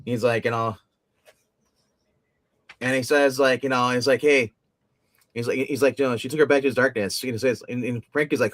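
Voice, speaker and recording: A man on a casual comic review livestream, talking with lots of fillers and restarts and getting animated as he retells scenes. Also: medium pitch, moderate pace, pauses often, no room sound. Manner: rambling, many fillers and restarts. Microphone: phone.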